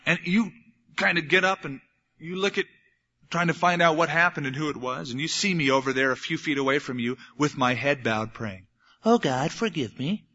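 Bright-voiced pastor preaching a sermon. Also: male voice, fairly high pitch, brisk, long reverb tail. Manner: animated storytelling, acting out little scenes. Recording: dull lo-fi sermon recording.

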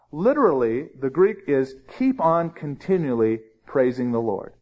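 A man's voice: on the high side, sing-song, a little slow, hardly any pauses, darkish tone. A man teaching through a Bible passage in a conversational way, stressing key phrases with rising emphasis. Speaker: pastor. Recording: dull lo-fi sermon recording.

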